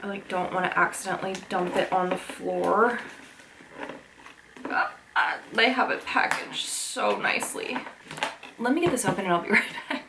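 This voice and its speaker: A woman in her thirties chatting excitedly as she unboxes nostalgic items, gushing and gasping with delight and talking with plenty of fillers. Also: medium pitch, moderate pace, noisy background. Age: 30s. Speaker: vlogger.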